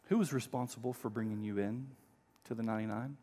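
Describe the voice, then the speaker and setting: A middle-aged male pastor preaching a sermon, telling a story with emphatic swings between loud and quiet. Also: mid-range voice, fairly even intonation, fast talker.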